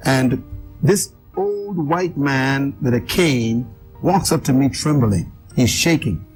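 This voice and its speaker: A man's voice: medium pitch, expressive, slow, faint music behind. A man, an author and guest speaker, telling a personal story in an interview with emphatic, dramatic delivery. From Bahamas.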